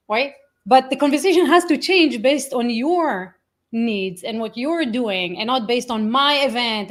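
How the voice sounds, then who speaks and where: Woman guest, slightly high voice, animated storyteller who acts out quotes. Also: a little slow. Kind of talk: casual interview chat.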